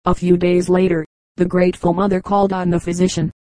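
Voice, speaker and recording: A woman narrating an audiobook of humorous anecdotes in an even, unhurried reading voice. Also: on the low side, dry recording, poor audio. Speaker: audiobook reader.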